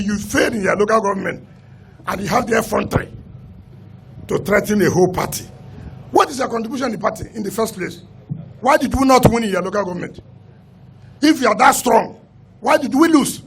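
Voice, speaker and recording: Nigerian politician, high gravelly voice, combative and emphatic on-the-record statement. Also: male voice, slight background noise. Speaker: state governor and party leader. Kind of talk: press statement.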